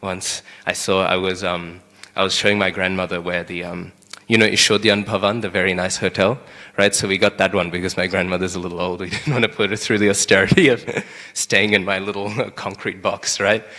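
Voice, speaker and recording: Young guy doing a scripture class, low voice, keeps saying right?, long echo off the hall. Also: level tone, a little fast, sharp tone. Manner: conversational, keeps asking "right?". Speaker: class speaker. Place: temple hall.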